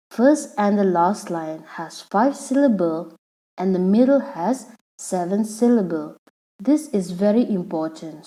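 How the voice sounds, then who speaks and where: A woman teacher explaining a lesson patiently, repeating each word slowly so the syllables come through. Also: mid-range voice, dark tone, rough recording. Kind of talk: slow classroom explanation.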